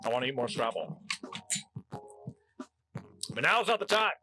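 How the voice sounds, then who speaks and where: A man's voice: medium pitch, sing-song, a little slow, bright, forceful tone, poor audio. A man from New Jersey hosting a casual food-tasting vlog, chatty and wry as he jokes between bites. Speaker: host.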